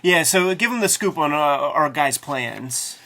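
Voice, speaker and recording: A man's voice: on the high side, expressive, unhurried, sharp tone. A man co-hosting a casual chat about comics as a cartoonist, talking profanely and acting out tough-guy lines from movies. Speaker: cartoonist co-host.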